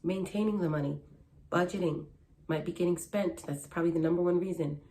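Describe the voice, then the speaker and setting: A woman's voice: on the low side, brisk, warm tone, slight background noise. A young woman who works as a matchmaker, talking earnestly and conversationally in a casual advice vlog, repeating her key points. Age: young adult.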